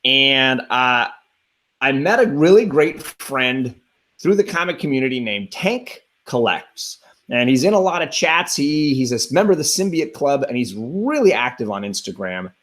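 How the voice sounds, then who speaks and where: A man's voice: medium pitch, sing-song, moderate pace, fairly bright tone. Eager, rambling man host. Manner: enthusiastic, rambling, frequent restarts. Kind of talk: casual chat.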